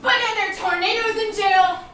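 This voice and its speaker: A woman's voice: very high voice, fairly even intonation, normal speed, pushed and bright, distant mic, a little hiss or hum. A woman improvising a sly, teasing sister who claims jail was her plan. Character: scheming jailed sister, woman. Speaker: improv performer. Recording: echoey club room.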